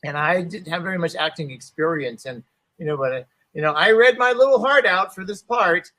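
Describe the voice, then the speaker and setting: A man in his fifties tells a story as a guest on a talk show. His voice is bright and forceful, pitched somewhat high for a man. He rambles easily through fillers and acts out the people he quotes. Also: a little fast, rough recording. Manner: loose and chatty, full of fillers. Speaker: guest martial arts instructor and actor. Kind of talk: casual interview storytelling.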